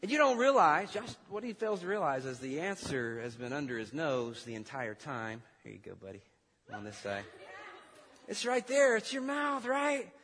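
Bright-voiced male pastor in a reverberant hall. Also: mid-range voice, expressive, normal speed, breathy edge. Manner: playful storyteller, turning to earnest exhortation. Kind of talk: sermon with a comic skit. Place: church hall. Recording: long reverb of a large church hall.

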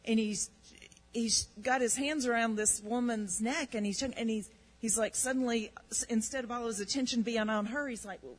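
A woman co-hosting a faith show, telling an animated testimony story and often repeating words when excited. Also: fairly high pitch, low-quality recording. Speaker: ministry show co-host.

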